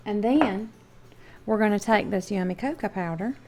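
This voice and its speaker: A woman's voice: mid-range voice, moderate pace, background noise. A woman with a Southern American accent hosting a casual cooking demonstration in her home kitchen, chatting to viewers in a homey way and checking in with them often. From Southern United States. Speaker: cooking show host.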